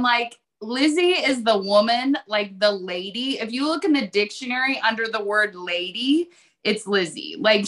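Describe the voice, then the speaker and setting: Female guest trainer, high and bright, chatty and playful. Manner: bubbly, animated, chatty. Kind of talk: casual chat.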